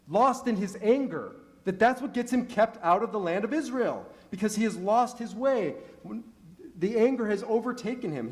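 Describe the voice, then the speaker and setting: A man's voice: sits high, a little mellow. A middle-aged man, a rabbi, preaching a sermon in a synagogue, telling stories and asking rhetorical questions with rising emphasis. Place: synagogue sanctuary.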